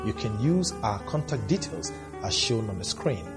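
A man with a lowish voice leads a closing prayer in a steady, earnest way. Guitar music plays clearly behind him. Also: normal speed. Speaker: minister leading a closing prayer. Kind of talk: scripted broadcast altar call.

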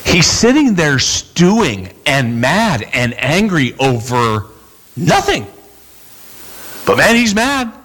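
A man preaching a sermon as a pastor, casual and animated, acting out the people in his stories. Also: a little high, slow. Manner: animated, acts out quoted voices, bursts into shouts.

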